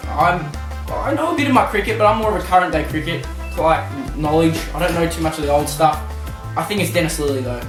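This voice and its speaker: A man's voice: a little high, animated, brisk, distant mic, over music. Chatty young Aussie man, roomy echo. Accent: Australian. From Australia. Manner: chatty, self-mocking, slangy. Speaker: vlogger. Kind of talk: casual quiz commentary.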